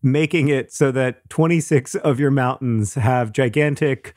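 A man co-hosting a casual podcast, talking in an animated way and reading listener mail aloud with laughs. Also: medium pitch, measured pace, no room sound, studio quality. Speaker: podcast co-host. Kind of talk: casual chat.

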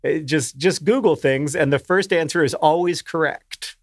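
A man with a Southern accent co-hosting a podcast, his voice slightly high. He jokes in a dry, deadpan way, and the recording sounds close and dry. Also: normal speed, no room sound. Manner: dry, joking. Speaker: podcast co-host. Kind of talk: casual podcast chat and ad reads.

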